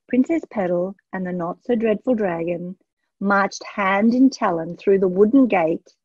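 A woman reading a children's storybook aloud in a gentle, expressive way. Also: mid-range voice, husky, no room sound. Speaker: storybook reader. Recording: dull lo-fi dry sound.

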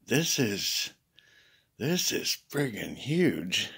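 Gravelly-voiced rambling man. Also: fairly low pitch, big pitch swings, drawn-out words. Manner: rambling, restarts, swings between worried and loud. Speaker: video blogger. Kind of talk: rambling casual monologue to viewers.

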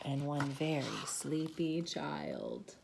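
Slow, gentle storytime reader woman. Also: deep voice, gravelly, slight background noise. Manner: expressive, gentle read-aloud, asks children to join in. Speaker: children's storytime host. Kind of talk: reading a picture book aloud.

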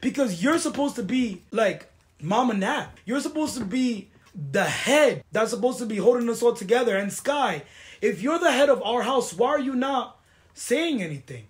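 A woman's voice: fairly high pitch, very animated, moderate pace. A woman hosting a casual chat show, venting emotionally and repeating phrases for emphasis. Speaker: podcast host.

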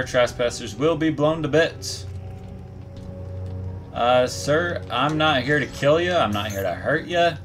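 Animated man talking back to a game. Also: medium pitch. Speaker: gaming YouTuber. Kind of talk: gameplay commentary.

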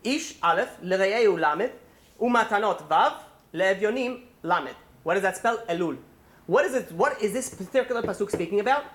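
A man, a rabbi, giving a holiday sermon, telling a story in a quick, rambling way full of restarts and fillers. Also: high voice, lively intonation, fairly bright tone.

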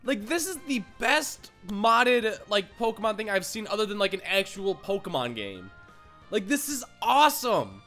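Excitable high bright young gamer guy. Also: moderate pace. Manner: excitable, rambling, many "like"s. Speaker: gaming YouTuber. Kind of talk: casual let's play commentary. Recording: game music underneath.

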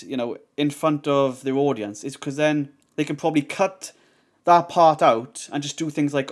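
A man's voice: fairly high pitch, moderate pace. A man reacting to a video, heated and swearing, rambling with lots of fillers. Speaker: reaction streamer. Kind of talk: reaction commentary.

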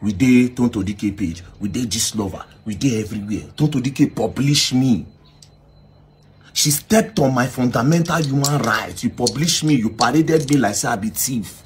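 A man's voice: medium pitch, normal speed, a little hiss or hum. A young adult man with a Nigerian accent, animatedly retelling a police encounter and acting out what others said. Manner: excitable, acts out others' words, frequent "you understand?". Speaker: online activist telling his story. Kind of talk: animated storytelling in Nigerian Pidgin-tinged English.

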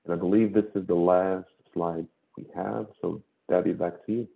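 A man presenting prize programs in a webinar, talking haltingly with many fillers and restarts. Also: deep voice, fairly even intonation, gravelly. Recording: tinny phone-like line.

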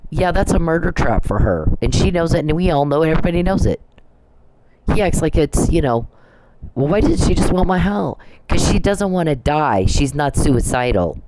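A man's voice: medium pitch, background noise. A man ranting angrily and accusingly in a profane monologue. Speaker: vlogger. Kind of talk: angry monologue.

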